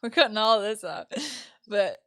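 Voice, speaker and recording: A woman's voice: mid-range voice, normal speed, dry recording. Chatty Irish woman, dry close sound. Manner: chatty, self-deprecating, laughs often. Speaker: podcast co-host. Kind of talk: casual chat.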